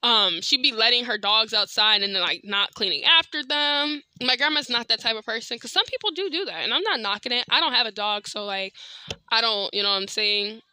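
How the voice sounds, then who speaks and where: A woman hosting a podcast, telling a story in a blunt, animated, slangy way straight to her listeners. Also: fairly high pitch, a little fast, clean tone, dry recording. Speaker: podcast host. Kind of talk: casual storytelling monologue.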